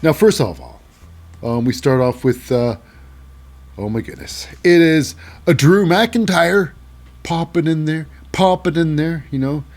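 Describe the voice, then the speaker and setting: A man hosts a loose, rambling recap of a wrestling show, full of fillers and hype. His voice is fairly high for a man, gravelly and husky. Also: lively intonation, measured pace, a little mellow. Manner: rambling, filler-heavy, hypes with "baby".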